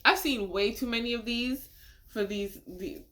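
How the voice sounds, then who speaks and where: A woman with a slightly high voice speaks a little slowly as she hosts a casual reaction video. She sounds animated and incredulous, laughing frequently and asking rhetorical questions.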